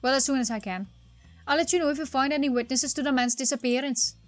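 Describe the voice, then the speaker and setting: A woman's voice: sits high, fast, no room sound, soft background music, lightly acted. A woman voicing a bumbling male police constable with a put-on Cockney accent, melodramatic and weepy, in a text game. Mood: apologetic. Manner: weepy, melodramatic, rhyming slang.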